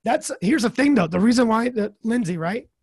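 A man's voice: extremely high pitch, expressive, a little fast. A man hosting a podcast in casual chat, blunt and profane, drifting into rambling asides. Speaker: podcast host.

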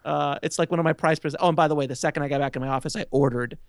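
A man guesting on a podcast, telling an animated, self-mocking anecdote and laughing often. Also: on the high side, racing, vocal fry, smooth, no room sound, studio quality. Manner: animated, excitable storyteller who laughs often. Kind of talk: casual interview storytelling.

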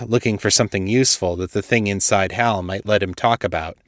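A male storyteller with a fairly low voice reads a scripted story in a steady, measured way. The recording is close and dry, with no room sound. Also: no room sound. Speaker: storyteller, podcast host. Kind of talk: scripted audiobook narration.

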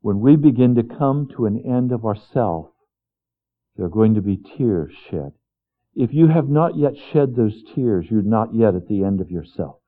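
A man preaching a sermon as pastor, earnest, swinging between hushed, quiet passages and fervent, raised ones. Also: on the low side, lively intonation, unhurried. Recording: tinny phone-like sound.

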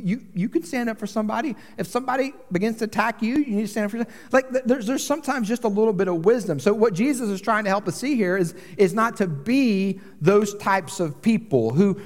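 A man in his forties giving a sermon, telling a personal story in a conversational way with frequent asides. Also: sits high. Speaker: pastor. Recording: long hall reverb.

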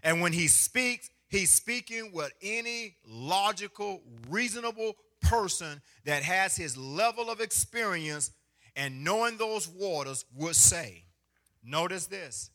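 High, bright-voiced preaching man. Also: animated, slow. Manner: preacherly, swings from hushed to loud with sung phrases. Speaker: pastor. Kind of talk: sermon.

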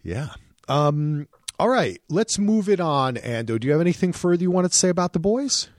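A man co-hosting a podcast in casual chat, animated and profane, with frequent restarts. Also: a little high, normal speed, no room sound, clean studio sound. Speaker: podcast co-host.

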